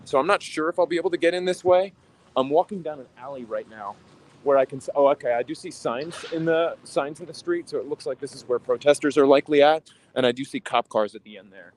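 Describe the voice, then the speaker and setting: A man's voice: a little high, slight background noise. Young man reflecting while walking outdoors. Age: 20s. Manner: reflective, halting, sighs often. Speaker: livestreamer. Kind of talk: walking livestream talk. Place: outdoors on city streets.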